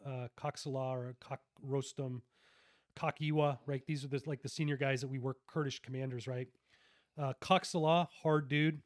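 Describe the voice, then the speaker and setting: A man's voice: on the high side, no room sound, clean studio sound. A middle-aged man, a retired army officer, recounts his combat deployments as a podcast guest in a laid-back, slangy way, full of fillers and restarts. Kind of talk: casual war storytelling in an interview.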